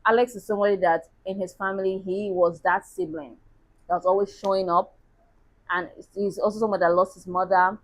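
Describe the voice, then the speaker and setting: A woman's voice: medium pitch, fairly even intonation, a little fast, rough recording. A woman chatting casually as a book reviewer, laughing at herself now and then.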